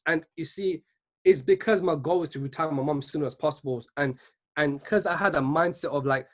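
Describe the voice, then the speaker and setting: A young man in his twenties delivers a motivational talk, pitched a bit high and pouring the words out quickly. He speaks earnestly and keeps tagging his points with a questioning "right?". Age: 20s. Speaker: speaker at a virtual business event.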